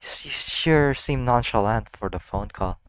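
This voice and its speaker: A man's voice: medium pitch, measured pace, smooth. A man hosting an anime reaction, talking casually to the screen and blurting out startled exclamations and swearing.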